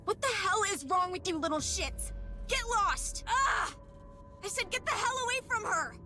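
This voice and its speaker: A woman voicing a young woman who shouts at a crowd to protect her pop star friend, then breaks down sobbing. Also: extremely high pitch, moderate pace, music in the background. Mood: furious.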